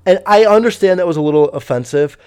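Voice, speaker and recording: A man's voice: high-pitched, lively intonation, quick pace, a little mellow, clean tone. A young man telling a story in a casual, rambling way, swearing often and using many fillers. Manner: rambling, profane, full of fillers.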